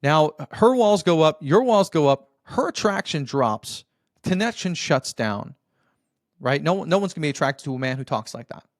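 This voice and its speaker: A man with a fairly high voice gives motivational marriage advice as a podcast host. He talks like a coach, earnest and direct, checking in with the listener often and calling him brother. The recording is dry, with no room sound. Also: expressive, normal speed, no room sound.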